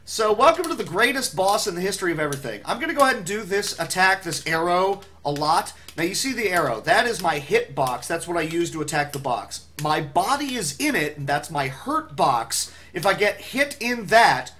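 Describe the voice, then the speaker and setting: A man's voice: high-pitched, big pitch swings, moderate pace, few pauses, pushed and bright, slight background noise. A man speedrunning a game live, rambling through his commentary with self-mocking jokes.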